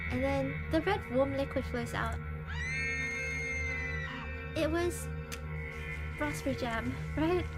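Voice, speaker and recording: A woman streamer playing a horror dating game, reading its text aloud with animated, dramatic reactions. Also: high-pitched.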